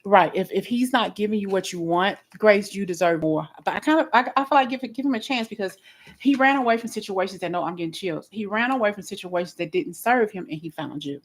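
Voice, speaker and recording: A woman giving a live tarot reading in a blunt, expressive way, often restarting her sentences. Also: medium pitch, a little fast, rough recording. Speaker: tarot reader.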